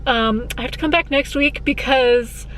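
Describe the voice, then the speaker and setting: A young woman from Colorado talking casually in a vlog. She is chatty, laughs often and drops into hushed asides. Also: high voice, normal speed, a little hiss or hum, rough recording. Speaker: vlogger. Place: outdoors on a walk, later at a hospital.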